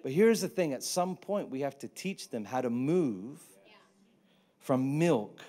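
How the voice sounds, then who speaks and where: A man, preaching a sermon with animated, humorous storytelling. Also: mid-range voice. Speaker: pastor.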